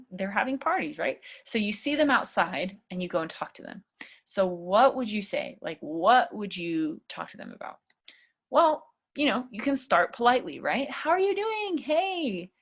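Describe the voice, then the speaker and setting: A woman teaches English in a relaxed, chatty way, leaning on fillers like "you know" and "right?" Her pitch moves a lot as she acts out example sentences. She sounds conversational rather than scripted. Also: slightly rough. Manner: acts out sample phrases in a lively voice. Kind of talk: casual spoken lesson.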